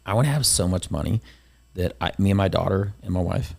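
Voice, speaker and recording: A man's voice: low voice, a little fast, gravelly, slightly rough. A man hosting a casual interview podcast, talking in a rambling, motivational way with many restarts. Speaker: podcast host and comedian.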